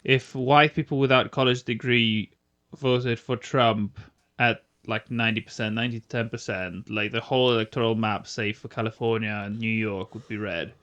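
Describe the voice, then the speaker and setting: A man's voice: on the low side, steady tone, normal speed, hardly any pauses, fairly bright tone, dull audio. A man co-hosting a casual podcast chat, rambling with fillers and restarts. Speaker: podcast co-host.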